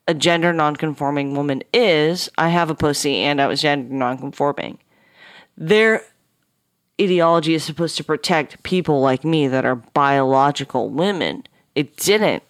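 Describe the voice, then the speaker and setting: A woman guest telling a personal story on a podcast, animated and profane, acting out the people in it. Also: deep voice, no echo, studio quality. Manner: animated, swears a lot, acts out dialogue. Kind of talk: casual storytelling.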